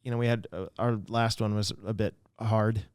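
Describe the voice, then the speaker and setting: Man, pastor, interview guest, resonant voice, dry close recording, animated, frequent restarts. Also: lowish voice, moderate pace, clear, resonant tone, dry recording. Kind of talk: casual conversational interview.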